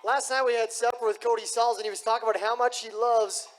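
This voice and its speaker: A man announcing a live bull riding event in an arena, booming and hyping up the crowd. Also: steady tone, fast talker. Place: rodeo arena.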